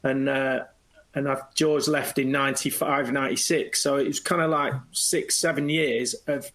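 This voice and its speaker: A middle-aged man, a former footballer, telling anecdotes as a guest in a lively way and slipping into quoted voices. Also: medium pitch, normal speed, rough recording. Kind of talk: anecdotal storytelling.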